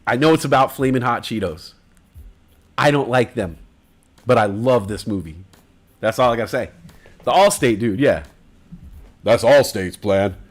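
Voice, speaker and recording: A man's voice: mid-range voice, animated, moderate pace, long pauses. A man hosting a casual livestream, talking in loose, profane, rambling banter. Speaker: livestream host.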